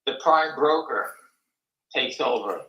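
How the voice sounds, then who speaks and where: A man's voice: mid-range voice, expressive, slow pace, reverberant, lo-fi sound. An older man hosting a live stock market talk show, blunt, folksy and rambling.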